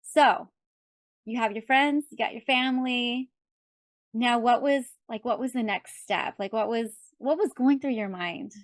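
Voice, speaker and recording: A woman's voice: fairly high pitch, unhurried, no room sound. A woman hosting a podcast interview, chatting in a rambling way, full of "like" and "you know". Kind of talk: casual interview chat.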